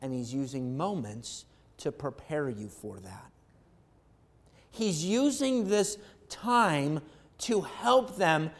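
A male pastor preaching an animated sermon, swinging from quiet reflection to loud excitement. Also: sits high.

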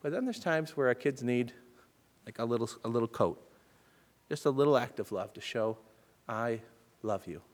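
A man preaching a sermon as a personal story, swinging between loud urgent bursts and hushed, soft passages. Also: medium pitch, a little fast. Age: adult with children. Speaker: pastor.

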